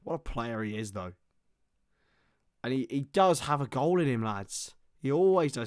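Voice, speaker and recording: A man calls a football match live on his stream, rattling off player names and getting loud when the action heats up. He breaks off to chat with his viewers. His voice sits at a middle pitch, recorded dry and close with faint clicking behind him. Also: normal speed, no echo. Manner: excitable play-by-play, chatting with viewers. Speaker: host of a football watchalong stream.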